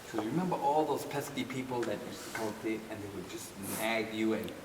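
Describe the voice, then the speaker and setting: An older man tells a story to an audience, lively and laughing, acting out the voices of the people he quotes. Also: fairly low pitch, quick pace. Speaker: dance teacher telling a story. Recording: echoey hall from far off with noise.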